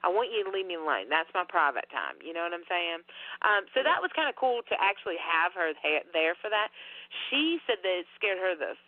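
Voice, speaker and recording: A woman's voice: fairly low pitch, a little fast, no room sound. Profane woman over a phone line. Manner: animated, profane, rambling. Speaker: podcast guest. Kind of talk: casual storytelling. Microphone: phone call. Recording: dry tinny phone line.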